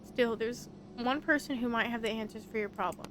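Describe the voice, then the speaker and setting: A woman's voice: fairly high pitch, brisk, noisy background, natural voice. Laid-back gossipy young man from a game, slangy delivery, read by a woman. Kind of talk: voice-acting a visual novel.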